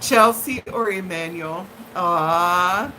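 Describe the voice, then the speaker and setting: A woman's voice: on the low side, takes it slowly, bright, forceful tone, a little hiss or hum, rough recording. A woman hosting a live stream from home, chatting casually with viewers in a rambling, friendly way with lots of fillers. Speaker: livestream host chatting with viewers. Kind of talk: casual live-chat monologue.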